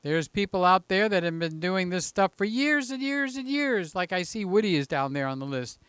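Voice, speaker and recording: Holding a handheld mic in a room at home, a slightly breathless man runs a casual live stream, reading the chat aloud in a chatty, joking way. He has a high, smooth, somewhat bright voice with big pitch swings at a moderate pace, and the recording is dry.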